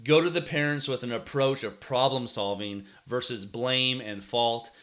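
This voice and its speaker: An earnest man, likely in his thirties, gives coaching advice in a relaxed, chatty way. His voice is bright and forward, with a middle pitch. He often restarts his sentences and sometimes acts out how he used to yell at his players. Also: normal speed. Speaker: youth sports coach and show host. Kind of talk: casual advice talk.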